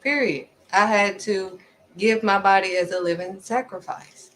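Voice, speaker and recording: A woman giving a casual, faith-driven motivational talk, acting out quick back-and-forth exchanges and repeating pointed questions at the listener. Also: mid-range voice, poor audio. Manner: animated, acts out little back-and-forth exchanges. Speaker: faith vlogger.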